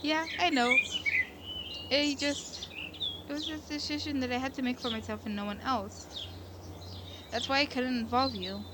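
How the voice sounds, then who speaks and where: A woman's voice: sits high, fairly even intonation, normal speed, pauses often, very noisy, lightly acted. A woman reading the lines of a shy, awkward young adult protagonist in a visual novel game, speaking hesitantly. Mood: earnest.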